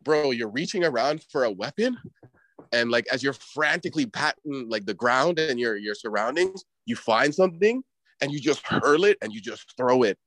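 A man's voice: mid-range voice, lively intonation, moderate pace, a bit bright, no echo, rough recording. A man in casual chat, giving rambling advice with heavy slang and swearing.

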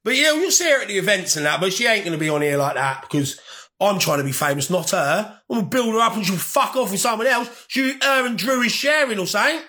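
A young man talks casually to his viewers, rambling, swearing freely and laughing as he goes. His voice sits high for a man and has a bright, forceful edge. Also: lively intonation, quick pace. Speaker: vlogger.

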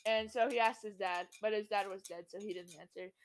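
A woman's voice: medium pitch, fairly even intonation, a little fast. A woman co-hosting a podcast, telling a silly made-up story in a giggly, rambling way. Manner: giggly, rambling, makes it up as she goes. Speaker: podcast co-host. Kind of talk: playful improvised storytelling.

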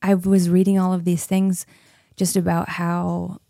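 A woman's voice: lowish voice, monotone, measured pace, gravelly, mellow, no echo, studio quality. A woman in her thirties, a podcast guest, chatting casually and telling a story with frequent laughs. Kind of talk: casual interview chat.

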